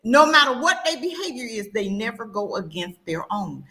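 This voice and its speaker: A woman's voice: fairly high pitch, big pitch swings, moderate pace, bright, forceful tone. A woman co-hosting, commenting indignantly and firing rhetorical questions. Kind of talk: casual commentary.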